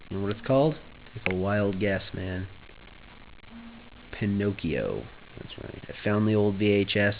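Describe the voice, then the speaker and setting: A man's voice: fairly low pitch, narrow, tinny audio, slight background noise. A young man vlogging casually, joking offhand, trailing off and restarting his thoughts. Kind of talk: rambling casual vlog.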